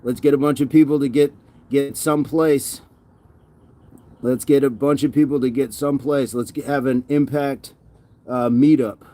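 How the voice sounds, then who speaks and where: A man's voice: mid-range voice, fairly even intonation, moderate pace, warm tone. A man livestreaming a workout, winded and sweaty, reading viewer comments aloud and often repeating himself in casual chat. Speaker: fitness livestreamer.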